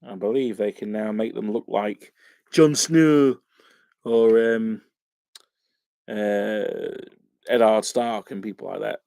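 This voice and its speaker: Chatty man with a gravelly voice. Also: lowish voice, takes it slowly, pauses often, warm tone, no room sound. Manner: rambling and chatty, many fillers. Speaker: wargaming channel host. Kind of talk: casual live-stream chat while painting miniatures.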